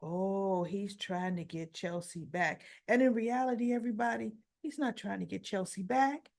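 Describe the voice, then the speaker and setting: A woman hosts a casual soap opera recap at a middle pitch. She tells it in an animated, opinionated way and slips into the characters' voices when she quotes them. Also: normal speed, vocal fry. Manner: acts out characters' dialogue.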